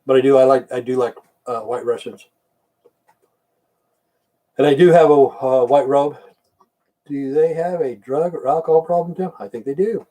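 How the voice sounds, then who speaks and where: A man's voice: medium pitch, steady tone, moderate pace, long pauses, dark tone, distant mic. Blunt, profane older man ranting. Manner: blunt, profane, rambling rants. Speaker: livestream host. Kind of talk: casual livestream chat.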